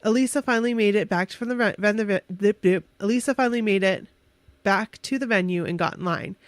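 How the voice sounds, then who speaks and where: A woman's voice: medium pitch, fast, no echo. A woman co-hosting a casual podcast, chatty and giggly as she reads a fan story aloud, stumbling over words and correcting herself. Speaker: podcast co-host.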